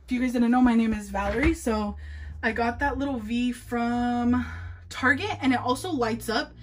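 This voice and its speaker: A young woman with a slightly high voice gives a casual room-tour vlog. She talks fast and chats nervously, piling on fillers as she shows off her space. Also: a little hiss or hum. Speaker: nail artist showing her workspace.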